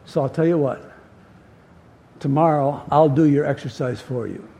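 A man's voice: fairly high pitch, normal speed, gravelly, dark tone, breathy edge. A middle-aged male pastor preaching a sermon, emphatic, repeating key words and asking the congregation questions.

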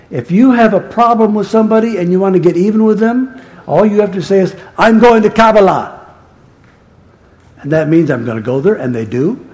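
A man's voice: high-pitched, a little mellow. A male pastor preaching a sermon in a conversational storytelling manner that turns emphatic.

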